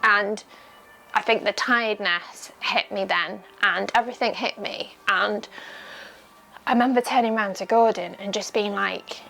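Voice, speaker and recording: A woman's voice: mid-range voice, steady tone, unhurried, creaky, sharp tone. A young adult woman, an ultramarathon runner, recalling her race in a candid, chatty documentary interview full of "like" and "um".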